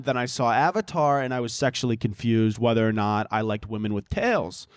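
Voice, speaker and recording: A man's voice: medium pitch, fairly even intonation, fairly quick, few pauses, smooth, no room sound, clean studio sound. A man in his twenties hosting a podcast, rambling through a profane, self-interrupting comedic monologue. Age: 20s. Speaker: podcast host.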